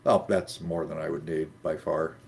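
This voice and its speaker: A man in casual conversation who reacts quickly and laughs often. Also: very deep voice, flat delivery, vocal fry, darkish tone. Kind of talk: casual chat.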